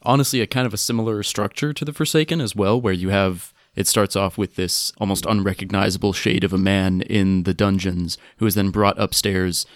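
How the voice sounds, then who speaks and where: A man with a very deep voice co-hosts a casual book podcast. He sounds relaxed and frank. His voice is recorded close and dry, with no room sound. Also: fairly quick, few pauses, no echo. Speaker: podcast co-host.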